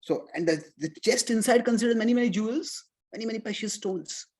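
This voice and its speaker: A middle-aged man with an Indian accent giving a scripture lecture, explaining step by step and chanting verses slowly. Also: sits high, darkish tone. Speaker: spiritual teacher.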